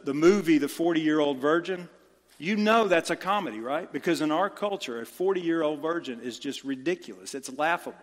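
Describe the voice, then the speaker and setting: A man's voice: on the high side, in a large hall. A man preaching a sermon as pastor, impassioned and emphatic, repeating phrases to drive his point home.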